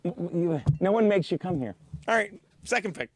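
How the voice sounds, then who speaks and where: A man hosting a comic football picks show in a studio, foul-mouthed and mock-boastful, now and then bursting into shouts. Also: high-pitched, animated, brisk, slight background noise. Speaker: host of a sports-betting picks show. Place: studio with a teleprompter.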